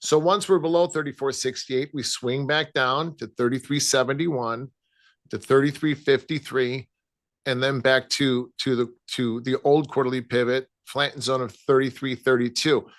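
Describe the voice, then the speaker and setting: A man with a Chicago accent, casually talking through gold price levels as a trading analyst, with many halting restarts. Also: medium pitch, fairly even intonation, fairly bright tone. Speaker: futures trading guest analyst. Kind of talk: casual market talk.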